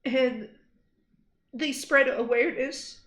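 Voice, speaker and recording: A young woman streaming, speaking earnestly and angrily, shaken after crying, halting and repeating herself. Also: sits high, fairly bright tone. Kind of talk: emotional livestream address. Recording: roomy echo.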